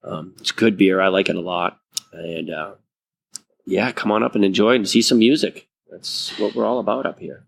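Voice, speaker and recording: An easygoing man chats as a guest on a podcast, agreeing readily and filling his pauses with ums and uhs. His voice sits low. It carries a strong gravelly fry. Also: steady tone, slight background noise. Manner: easygoing, agreeable, filler-heavy. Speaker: brewery guest. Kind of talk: casual podcast interview.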